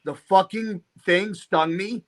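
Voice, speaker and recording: Profane, animated storytelling man. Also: high voice, takes it slowly. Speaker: podcast guest. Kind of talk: casual storytelling.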